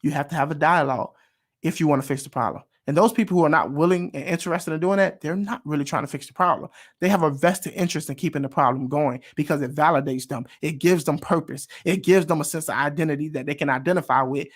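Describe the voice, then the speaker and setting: Animated man, fairly high voice. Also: quick pace. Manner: animated, preacher-like call and response; emphatic, repeats phrases for stress. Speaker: reaction video host. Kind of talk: casual commentary.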